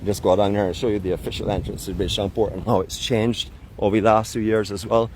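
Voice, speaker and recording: A man's voice: fairly low pitch, little pitch movement, fast, darkish tone, slight background noise. A middle-aged man from Barbados with a Barbadian accent, hosting a live walking tour, chatty and playfully teasing his viewers. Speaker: vlog host and walking guide. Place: outdoors by a seaside port in a town.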